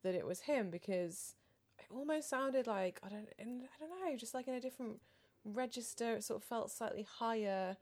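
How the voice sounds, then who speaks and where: A woman co-hosting a studio podcast in casual chat, thoughtful and rambling, often trailing off softly. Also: a little high, normal speed, few pauses. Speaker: podcast co-host. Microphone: studio microphone.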